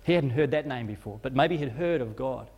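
A man's voice: medium pitch, brisk, darkish tone, big-room sound. A male preacher telling a story as a sermon, vivid and dramatic, rising and falling in intensity with occasional stumbles. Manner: vivid retelling that rises and falls in intensity, with stumbles.

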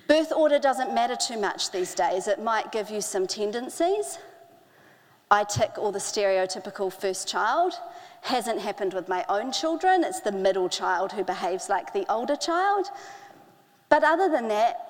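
A middle-aged woman preaching a sermon, earnest, slowing down to stress key phrases. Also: a little high, expressive. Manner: earnest, with slow emphatic phrasing. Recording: hall with long reverb.

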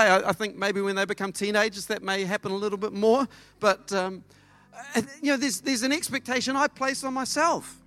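Bright-voiced pastor preaching. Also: male voice, high-pitched, brisk. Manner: lively storytelling with acted dialogue. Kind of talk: sermon. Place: church service.

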